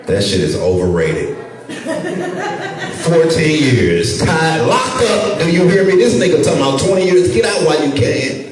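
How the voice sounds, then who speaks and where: A middle-aged man from St. Louis with a St. Louis accent doing a profane stand-up set, loud and animated, jumping into shouted voices. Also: on the high side, normal speed, music in the background. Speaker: stand-up comedian. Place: comedy club stage with a laughing audience. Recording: echoey club sound from a distance with crowd noise.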